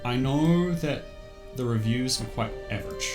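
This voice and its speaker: A man's voice: medium pitch, a little slow, roomy sound, music in the background. A man giving casual commentary while showing games, thinking aloud with many ums.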